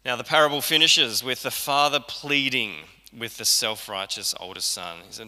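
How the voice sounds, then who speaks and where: A man preaching a sermon in a loose, conversational way, slipping into the voices of the people he quotes. His voice is very bright and cutting, with a long hall reverb trailing behind it. He speaks from a church hall. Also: medium pitch, normal speed, hardly any pauses. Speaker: pastor.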